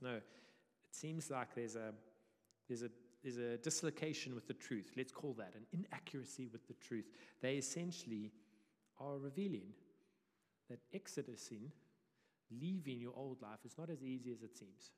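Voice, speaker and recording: A male pastor preaching a sermon in a conversational, animated way. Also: mid-range voice, normal speed. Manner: conversational, animated, self-deprecating. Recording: reverberant church hall.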